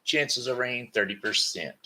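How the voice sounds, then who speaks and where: A tired, sleepy man from Missouri rambles in a casual monologue on his daily home broadcast, repeating words and correcting himself. His medium-pitched voice has lively intonation and a sharp tone at normal speed.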